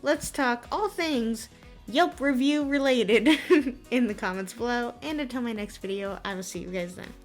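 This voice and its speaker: A young woman vlogger casually retelling a story in a chatty, giggly, animated way. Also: fairly high pitch, measured pace, faint music behind.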